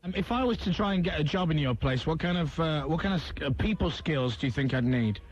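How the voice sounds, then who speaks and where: A man's voice: on the high side, animated, quick pace, breathy edge. A man in his twenties hosting a radio show with jokey, teasing chat. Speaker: radio host. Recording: dull taped radio broadcast.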